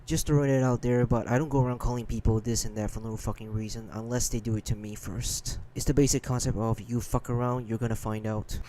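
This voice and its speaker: A man's voice: medium pitch, fairly even intonation, fast talker, hardly any pauses, warm tone, slight background noise, low-quality recording. A man in a played clip talking defensively and crudely.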